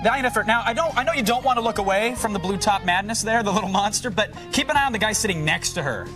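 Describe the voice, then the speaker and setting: Excitable joking male TV host. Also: sits high, fast, music in the background. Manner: joking, loud and playful. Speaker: TV show co-host. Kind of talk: live TV banter. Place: TV studio.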